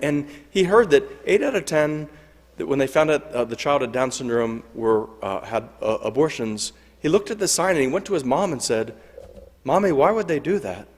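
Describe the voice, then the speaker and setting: Earnest priest preaching in a reverberant church. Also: male voice, mid-range voice. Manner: earnest storytelling with repeated phrases and restarts. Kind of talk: sermon.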